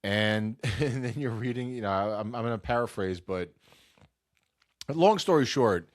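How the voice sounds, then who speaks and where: On his casual sports talk show, a host with a cold-stuffed, nasal voice rambles, self-interrupts, and acts out quotes. He speaks at a medium pitch and measured pace, animated, over clean studio sound with no room sound.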